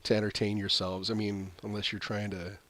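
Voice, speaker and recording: A man's voice: fairly low pitch, monotone, brisk, fairly bright tone. A young American man hosting a daily news show, reading headlines and tossing in offhand, jokey asides. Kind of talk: casual news reading with commentary.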